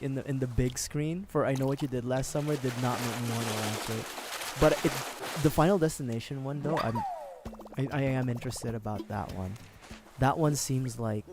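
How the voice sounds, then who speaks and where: A young man streaming a game, chatting casually in a rambling way, swearing and laughing often. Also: mid-range voice. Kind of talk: casual livestream chat while gaming.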